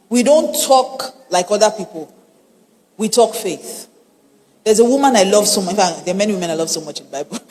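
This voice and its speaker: A Nigerian woman pastor delivers a lively sermon with a pitch that leaps and dips. She mixes humor into her preaching and hammers points home by repetition. Her voice carries in a reverberant church hall. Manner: animated, humorous, repeats lines for emphasis.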